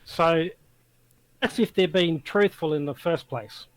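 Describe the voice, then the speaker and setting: A man's voice: fairly high pitch, slow pace, dry recording, poor audio. An Australian man chatting as a guest, blunt and emphatic, swearing casually. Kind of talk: casual chat.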